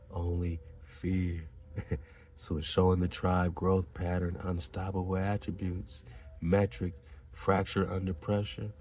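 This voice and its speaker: Slow, deep-voiced preachy male host. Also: dark tone, slight background noise. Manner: preachy, emphatic, slangy asides, chuckling. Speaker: podcast host. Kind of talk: reading aloud and commenting.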